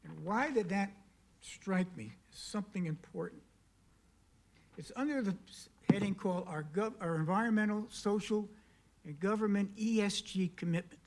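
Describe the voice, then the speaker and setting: A man's voice: high voice, moderate pace. A man speaking at a county council meeting, making an emphatic public comment full of pointed questions and repeated key words. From South Carolina. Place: council chamber.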